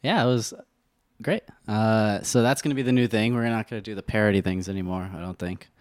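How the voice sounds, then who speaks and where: A man co-hosting a podcast, easygoing and quick to laugh, also reading out the show's promos. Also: lowish voice, a little mellow, no room sound, studio quality. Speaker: podcast co-host. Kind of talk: casual podcast banter.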